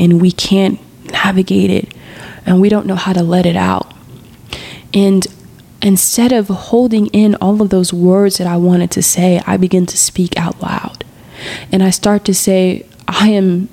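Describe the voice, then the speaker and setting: A woman hosting a podcast, talking in an earnest, heartfelt personal monologue that sometimes drops into soft whispers. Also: medium pitch. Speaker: podcast host.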